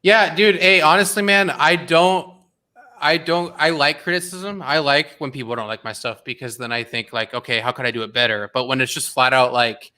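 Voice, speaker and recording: A young man hosting a casual livestream watch party, talking in an animated, rambling way full of fillers and restarts. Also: on the high side, moderate pace.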